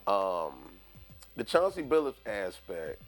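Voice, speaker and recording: A fairly low-voiced man hosting a sports podcast, his pitch rising and falling in lively swings. He rambles loosely with many fillers and laughs, over faint background music. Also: slow pace. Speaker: podcast host. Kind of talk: casual sports chat.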